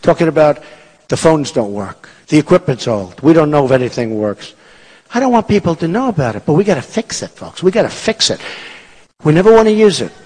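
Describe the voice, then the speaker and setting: A man in his sixties delivers a rally speech, repeating his points with emphasis and boasting as he drifts between topics. His voice sits high and swings widely in pitch. Long reverb from a large performing arts hall trails each phrase. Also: very animated, fairly quick, darkish tone, breathy edge. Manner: repetitive, emphatic, boastful, digressive. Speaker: political candidate speaking at a rally.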